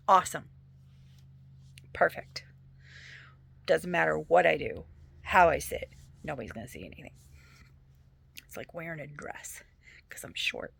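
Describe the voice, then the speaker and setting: A woman's voice: lowish voice, creaky, no echo. A woman vlogger chatting casually about books and telling a funny story from work, often sliding into a whisper. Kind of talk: casual chat.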